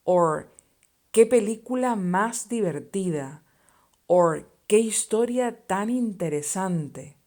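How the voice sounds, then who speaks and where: Slow, deliberate teacher woman. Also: medium pitch, animated, warm tone. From Spain. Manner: slow and deliberate, explaining phrases and conjugations. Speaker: Spanish teacher. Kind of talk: scripted language lesson.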